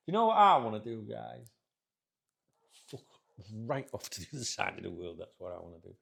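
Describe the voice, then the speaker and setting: A middle-aged man rants to camera in a rambling, swearing, grumbling way. His voice sits a little low and is heavily gravelly. He talks casually, like a football channel host sat in his chair. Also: a bit bright.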